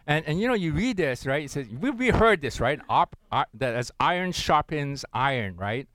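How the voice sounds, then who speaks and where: Middle-aged male preacher, lively and playful, slightly high voice, dry close sound. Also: moderate pace, dry recording, poor audio. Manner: animated, playful, big swings between loud and hushed. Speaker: pastor. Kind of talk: sermon.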